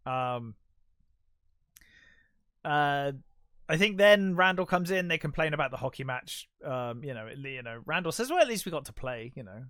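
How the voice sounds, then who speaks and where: A man's voice: fairly high pitch, animated, normal speed, pushed and bright, no room sound, clean studio sound. A man co-hosting a podcast, casually retelling film scenes in a chatty way with lots of fillers and laughs. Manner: retells scenes in quoted voices, laughs often, many fillers. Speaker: podcast co-host. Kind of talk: casual film review chat.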